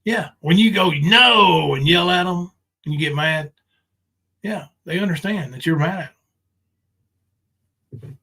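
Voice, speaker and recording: A man's voice: sits high, measured pace, gravelly, long pauses, sharp tone, husky, poor audio. A man ranting on a livestream, confrontational and profane, full of ums and restarts. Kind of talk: casual livestream rant.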